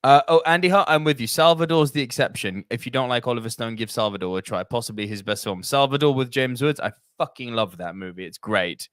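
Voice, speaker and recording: A man's voice: medium pitch, fairly bright tone, smooth, no echo. Teasing man on a dry mic. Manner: teasing, swearing, quick laughter. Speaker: host reading viewer comments. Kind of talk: casual live-stream chat.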